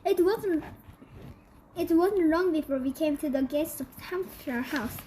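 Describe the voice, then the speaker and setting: A woman whose first language is Korean reads a children's storybook aloud in English. She reads in a halting way, stumbling over words and correcting herself, and her voice sits high. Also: dark tone, slight background noise, rough recording. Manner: halting, with slips and self-corrections. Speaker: storybook reader. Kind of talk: reading a children's book aloud.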